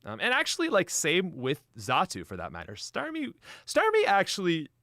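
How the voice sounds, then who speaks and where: A man's voice: fairly high pitch, huge pitch swings, normal speed, bright, forceful tone, no room sound, clean studio sound. A young adult man chatting on a live stream, laughing often and talking straight to his chat. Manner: giggly, frequent laughter; chatty, addresses chat directly.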